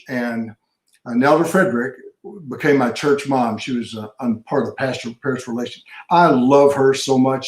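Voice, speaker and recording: An older man, a pastor and retired police sergeant, telling stories in an interview and acting out the dialogue. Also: mid-range voice. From Texas. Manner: folksy storyteller, acts out dialogue. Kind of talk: storytelling in an interview. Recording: roomy echo.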